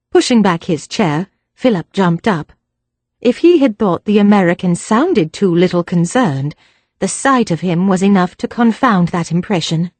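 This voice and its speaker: A woman narrating a mystery audiobook in an even, measured reading. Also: medium pitch, dry recording. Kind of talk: scripted narration.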